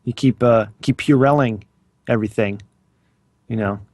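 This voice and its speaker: A man's voice: medium pitch, moderate pace, a little mellow, no room sound. A man in his thirties co-hosting a podcast in casual chat, dry and self-deprecating. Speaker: podcast co-host.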